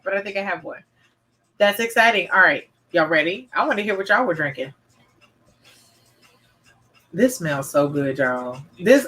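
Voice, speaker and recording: Bright and lively at a medium pitch, the wine show host chats with her live-stream audience. She reads viewer comments out loud in an upbeat way, frequently calling people "y'all" and "honey."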